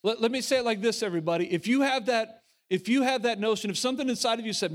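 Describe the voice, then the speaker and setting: A man preaching a sermon as the pastor of his church. He talks earnestly, with frequent restarts and repeated words, and he swings between emphatic lines and hushed ones. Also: high-pitched, fast talker, hardly any pauses.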